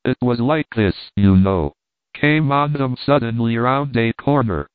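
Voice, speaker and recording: A man reading as a breezy, unflappable gentleman. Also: medium pitch, unhurried, smooth, no room sound, lightly acted. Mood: brisk. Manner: breezy, offhand clipped phrases. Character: brash unflappable gentleman after a fall. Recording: tinny phone-like dry sound.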